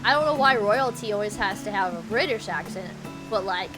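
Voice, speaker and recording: A woman's voice: fairly high pitch, expressive, fairly quick, music in the background. A woman with a Texan accent, chatting playfully and giggling as she streams a game. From Texas. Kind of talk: casual live-stream chat while gaming.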